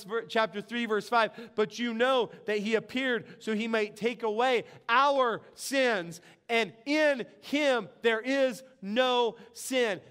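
A middle-aged man delivers a sermon in a very high, smooth and clear voice. He preaches earnestly, with a conversational, storytelling manner. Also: a bit bright. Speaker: pastor.

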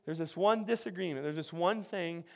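A man preaching a sermon, animated and conversational, with frequent restarts and acted-out quotes. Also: high voice, normal speed, vocal fry. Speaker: pastor.

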